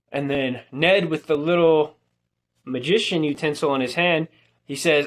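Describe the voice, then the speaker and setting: Young man retelling a movie, slightly high. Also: unhurried. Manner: animated storytelling, quotes characters with filler "like". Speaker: movie reviewer. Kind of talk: casual spoiler review, retelling scenes.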